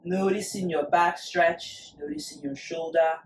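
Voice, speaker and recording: A yoga teacher leads a class in an unhurried, soothing way, pacing each cue to the breath. The voice sits back from the mic in a roomy space with a clear echo, and gentle music plays faintly beneath. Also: mid-range voice, animated, distant mic, slight background noise. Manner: slow, soothing cues paced to the breath. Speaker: yoga instructor. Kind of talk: guided yoga class instruction.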